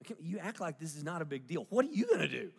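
The voice is a middle-aged man's, a little high, with big pitch swings, a rapid-fire pace, creaky texture and a darkish, slightly rough tone. He is a pastor preaching a sermon in a church sanctuary with long reverb, telling a family story, joking and asking the congregation many questions.

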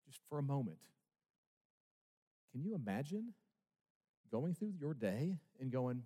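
Animated male preacher in an echoing hall. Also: mid-range voice, a little slow, pauses often. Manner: emphatic, with rhetorical questions. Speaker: pastor. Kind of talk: sermon. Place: church sanctuary. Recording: long reverb of a large hall.

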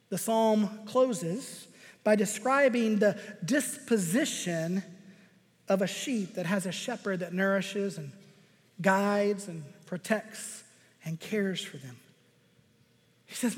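A man preaching a sermon, measured and emphatic, with deliberate pauses. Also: sits high. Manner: measured, emphatic pauses, reads scripture aloud. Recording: reverberant hall.

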